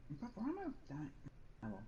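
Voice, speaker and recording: A man's voice: sits high, huge pitch swings, a little fast, dark tone, dull audio, slight background noise. A man streaming a game, rambling through a personal story in casual chat and mimicking other people's lines. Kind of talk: casual chat while gaming.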